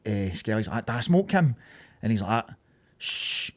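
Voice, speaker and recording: A man's voice: on the low side, big pitch swings, fairly quick, a little mellow. Sweary Glaswegian man in his thirties. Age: 30s. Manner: swearing, laughing storyteller. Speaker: podcast co-host. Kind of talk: casual chat.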